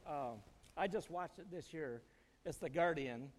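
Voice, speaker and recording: Middle-aged male church speaker, folksy storyteller, slightly high voice, reverberant hall. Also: measured pace. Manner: folksy, storytelling, chuckles often. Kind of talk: informal sermon with personal stories.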